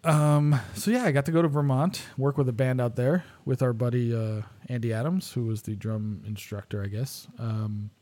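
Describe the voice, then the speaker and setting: A man's voice: medium pitch, steady tone, moderate pace, hardly any pauses, dark tone. A man co-hosting a podcast in casual chat, joking and laughing often. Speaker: podcast co-host.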